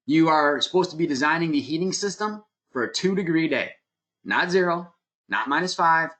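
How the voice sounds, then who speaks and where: A man presents an online webinar lecture on heating and cooling design through a computer mic, plainspoken and emphatic, going step by step with some fillers. His medium-pitched voice sounds pushed and bright.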